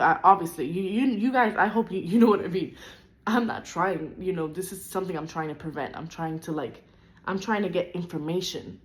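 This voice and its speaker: A woman's voice: fairly low pitch, a little fast. A young woman vlogging a frustrated personal rant, upset and close to tears, with lots of "like" in her talk. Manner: frustrated, venting, heavy use of "like".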